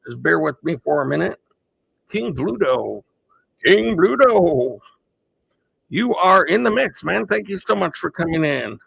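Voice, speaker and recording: Man, livestream host, chatty, very gravelly voice, bright tone, slow delivery. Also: fairly high pitch, very animated. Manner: chatty, greets viewers by name, thinks aloud. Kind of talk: casual livestream chat with mock race commentary.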